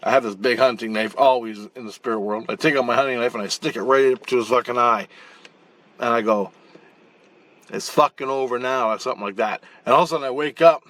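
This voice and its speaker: A man's voice: medium pitch, fast. Blunt, profane man telling a story. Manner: profane, blunt, with frequent restarts and repeated words; animated, acting out the action as he tells it. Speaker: channel host recounting spirit-world dreams. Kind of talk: casual rambling storytelling.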